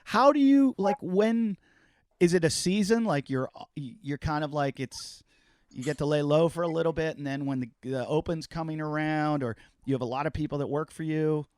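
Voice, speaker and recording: A man hosting a podcast, telling stories in a loud, joking, profane way during a casual interview. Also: on the high side, normal speed, smooth, no room sound, studio quality. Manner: animated, profane, jokey storytelling. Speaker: podcast host.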